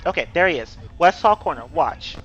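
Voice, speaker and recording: A man's voice: a little high, animated, moderate pace, a bit bright, faint music behind. A young man casually explaining a video game's mechanics as he plays, cursing when things go wrong. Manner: cursing, exasperated outbursts. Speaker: gameplay streamer. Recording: dull lo-fi mic with faint hiss.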